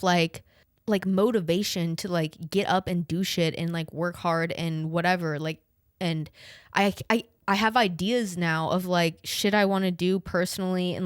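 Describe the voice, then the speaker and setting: A woman's voice: fairly low pitch, clear, resonant tone, no room sound. A woman in her late twenties hosting a podcast, chatting casually about her family, rambling with lots of "like" and casual swearing, close to tears. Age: late 20s. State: emotional, near tears. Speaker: podcast host. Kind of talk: casual personal chat.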